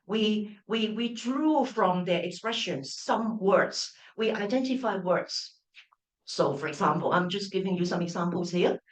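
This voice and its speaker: A woman's voice: mid-range voice, far from the mic. A middle-aged woman giving an open-day lecture, restarting phrases and checking in with her listeners. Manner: frequent restarts, checks in with "right?" and "all right?". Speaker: university professor giving a lecture. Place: lecture room. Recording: echoey lecture room.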